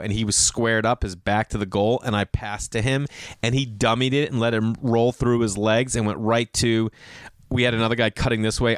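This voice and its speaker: A man in his thirties from Boston, talking casually as a host answering a listener, jumping into excited outbursts. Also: clear, resonant tone, dry recording, studio quality. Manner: animated, swings pitch into excited outbursts. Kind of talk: casual rambling monologue.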